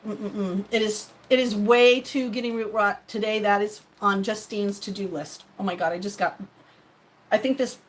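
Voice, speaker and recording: A woman's voice: medium pitch, fairly even intonation, normal speed. A woman chatting casually on a live stream while she cooks, greeting viewers by name and laughing often. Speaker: livestreaming cooking vlogger.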